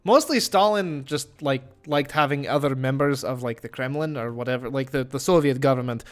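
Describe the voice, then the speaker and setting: A man streaming a game, talking in a put-on comedy Russian accent that drops articles in a deadpan way. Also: mid-range voice, brisk, close to an everyday voice. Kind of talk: live-stream commentary.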